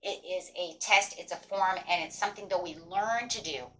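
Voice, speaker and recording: A woman's voice: on the low side, normal speed, slight background noise, low-quality recording. Woman doing a tarot reading, upbeat and pep-talky, reads the card then riffs on it. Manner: animated, encouraging, mixes card text with chatty asides; acts out quoted inner voices. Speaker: tarot reader. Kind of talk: casual spoken tarot reading.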